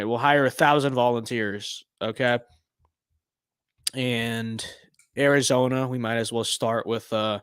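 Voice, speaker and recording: A man's voice: mid-range voice, fairly bright tone, no room sound, studio quality. A young man streaming a game, giving casual rambling commentary with tongue-in-cheek bragging.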